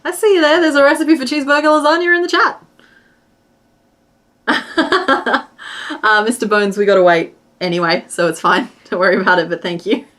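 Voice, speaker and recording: A woman's voice: fairly high pitch, steady tone, normal speed, a bit bright. A woman hosting a crochet livestream, chatting casually and giggling while she answers chat and counts stitches aloud.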